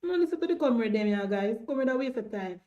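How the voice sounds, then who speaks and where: A woman's voice: fairly high pitch, animated, quick pace, warm tone, lo-fi sound. A woman speaking in Jamaican Patois, hosting a casual political livestream, defiant and repetitive as she addresses her viewers.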